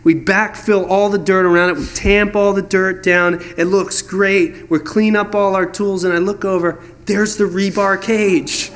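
High-voiced pastor telling a story. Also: male voice, normal speed. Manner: storytelling, animated, acts out voices in dialogue. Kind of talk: sermon.

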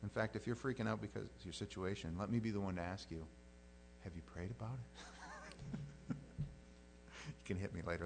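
A man preaching a sermon as pastor, conversational and animated, swinging between loud outbursts and quiet prayer. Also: fairly low pitch, fairly quick, gravelly, pauses often, a little hiss or hum.

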